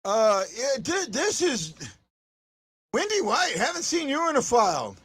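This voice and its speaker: A fan show host ranting angrily after a game, shouting and repeating words over and over. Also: high voice, sing-song, unhurried, slightly rough, no room sound. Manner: angry, shouting, repeating himself. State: upset. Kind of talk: post-game fan rant.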